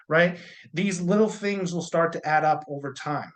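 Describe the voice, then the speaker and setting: A man with a slightly high voice coaches a room of new insurance salespeople. His talk is loose and conversational, peppered with corny little jokes. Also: normal speed. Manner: jokey, conversational, uses corny humor. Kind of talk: casual training talk.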